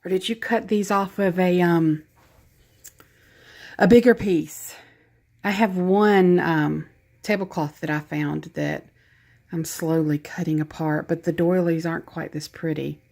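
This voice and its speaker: A woman's voice: fairly low pitch, steady tone, a little slow, vocal fry, darkish tone. A woman with a Southern US accent chatting casually as she opens a craft gift package, gushing and laughing at herself. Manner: gushing, self-deprecating, chatty. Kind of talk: casual unboxing chat.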